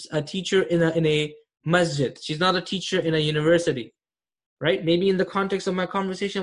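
A man teaching an Arabic grammar class online, patient, repeating terms and checking that students follow. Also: high-pitched.

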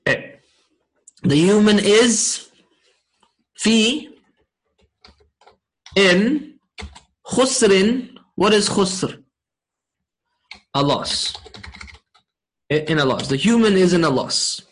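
A man teaching a class, explaining slowly and checking in with his students often. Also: high voice, animated, poor audio. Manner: slow, deliberate explaining. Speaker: Arabic grammar teacher.

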